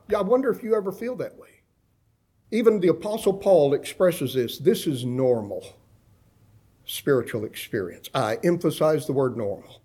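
Preacher guy, bit high voice, asks the folks questions then gets loud and dramatic on the bible verses. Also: animated, moderate pace. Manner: dramatic swings in pitch and volume when quoting scripture; conversational, asks the congregation direct questions. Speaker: pastor. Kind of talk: sermon.

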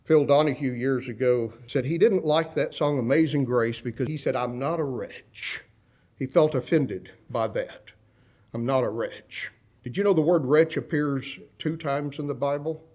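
Preacher guy, bit high voice, asks the folks questions then gets loud and dramatic on the bible verses. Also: normal speed, few pauses. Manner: dramatic swings in pitch and volume when quoting scripture; conversational, asks the congregation direct questions. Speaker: pastor. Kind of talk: sermon.

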